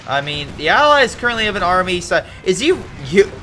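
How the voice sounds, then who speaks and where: A man's voice: high voice, very animated, brisk, sharp tone, a little hiss or hum. Rambling man commentating a game replay. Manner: rambling, chatty, many fillers and restarts. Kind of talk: casual game commentary with history tangents.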